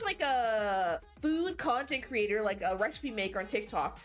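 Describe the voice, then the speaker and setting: A young woman with a high voice rambles to her live-stream chat in a loose, animated way, cursing freely and tripping over her own sentences. Faint music plays quietly behind her. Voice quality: chatty, animated, swears freely. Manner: talks to chat, frequent fillers and restarts.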